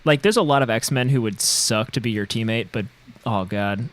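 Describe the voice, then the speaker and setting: A man co-hosting a casual podcast chat, joking and acting out quick mock voices. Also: mid-range voice. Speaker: podcast co-host.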